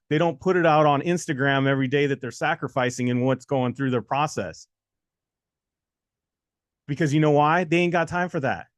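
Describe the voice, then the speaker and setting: A man co-hosting a test-prep show in casual motivational talk, telling stories with animated quotes and repeating lines for emphasis. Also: a little high, no room sound, clean studio sound.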